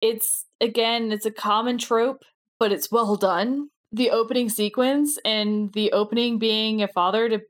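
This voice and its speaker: A woman's voice: fairly high pitch, fairly even intonation, unhurried. A woman co-hosting a podcast, chatting casually in an enthusiastic, giggly way. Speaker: podcast co-host. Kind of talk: casual chat.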